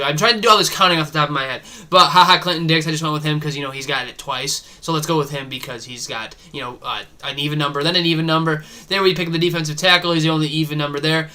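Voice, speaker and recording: A man's voice: fairly high pitch, pushed and bright. A young man giving casual, rambling commentary over his own football video game, thinking aloud with fillers as he drafts and plays. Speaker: gaming YouTuber.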